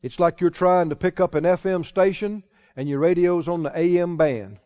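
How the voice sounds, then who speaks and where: A man's voice: sits high, normal speed, mellow, smooth. A man preaching a sermon, stretching out his key phrases for emphasis and chuckling now and then. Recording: dull lo-fi sound.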